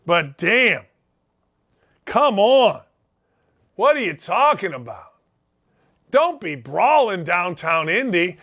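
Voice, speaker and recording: A man's voice: sits high, big pitch swings, slow, long pauses, sharp tone. A middle-aged man hosting a sports talk show, ranting bluntly in a riled-up monologue full of folksy slang. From Indianapolis, United States. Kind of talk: opinionated sports radio monologue.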